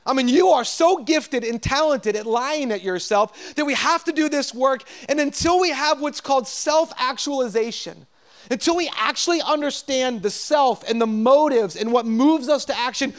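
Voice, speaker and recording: High-voiced man preaching a sermon. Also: animated, normal speed. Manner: earnest, calls out to the congregation, drops softer to stress points. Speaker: pastor.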